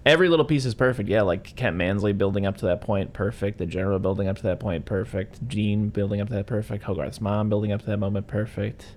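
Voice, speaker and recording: Excitable man gushing about a film. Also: fairly low pitch, fast talker, hardly any pauses, a little hiss or hum. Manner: enthusiastic, acts out quotes in voices. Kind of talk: casual movie discussion.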